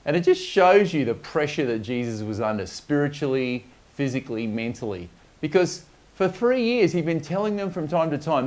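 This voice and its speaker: A man's voice: medium pitch, lively intonation, moderate pace, darkish tone. A man preaching a sermon, speaking reflectively with frequent fillers and restarts.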